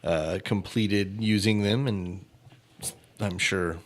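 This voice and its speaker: A man's voice: low voice, fairly even intonation, slow pace. A man hosting a true-crime comedy podcast, joking casually and laughing often. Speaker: podcast host.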